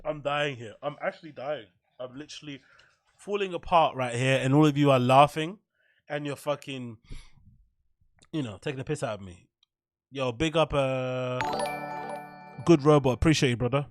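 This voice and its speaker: A man's voice: medium pitch, normal speed, long pauses, no echo, faint music behind. A man hosting a casual livestream, rambling, swearing freely and answering his chat. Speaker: livestream host.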